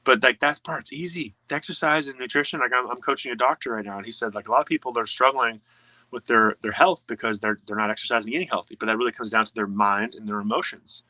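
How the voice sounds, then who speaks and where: A man's voice: mid-range voice, quick pace, pushed and bright, dry recording, rough recording. A man speaking as a life coach in a live online presentation, earnest and full of fillers. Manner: earnest, talkative, filler-heavy.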